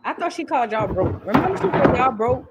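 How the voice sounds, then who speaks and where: A woman's voice: high voice, expressive, fast, heavy background noise. A woman hosting a casual reaction show, talking in a brash, mocking and profane way. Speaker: host.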